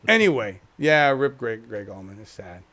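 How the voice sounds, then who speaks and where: A man's voice: lowish voice, sing-song, moderate pace, pushed and bright. A man hosting a casual livestream chat show, talking in a rambling, chuckling, self-deprecating way. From United States. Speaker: host.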